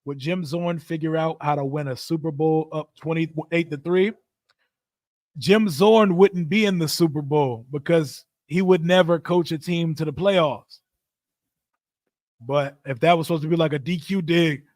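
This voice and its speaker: A fired-up man hosts a football watch-party stream and talks loose, profane and animated, laughing often. His voice sits high for a man, and the sound is dry and close with no room around it. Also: measured pace, no echo. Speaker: livestream host. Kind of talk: casual sports watch-party commentary.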